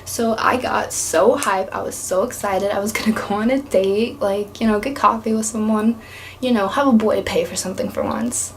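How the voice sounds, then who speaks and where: Talking to camera, this young East Tennessee vlogger tells a chatty, rambling story full of "like." She speaks at medium pitch and normal speed, and there's slight background noise.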